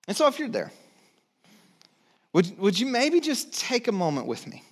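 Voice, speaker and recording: A male pastor giving a sermon in a church, conversational and pausing often, letting phrases fall low and soft. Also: sing-song. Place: church sanctuary.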